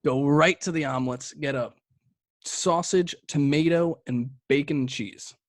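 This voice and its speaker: A young man with a fairly high voice speaks a little slowly as he co-hosts a beer review podcast, trading crude jokes in casual chat. The recording has no room sound.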